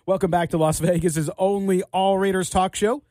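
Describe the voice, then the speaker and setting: A man's voice: sits high, fairly even intonation, moderate pace, dark tone, no echo. A man hosting a sports radio talk show in a studio, upbeat and joking with his co-hosts. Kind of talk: casual sports radio chat. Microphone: studio microphone.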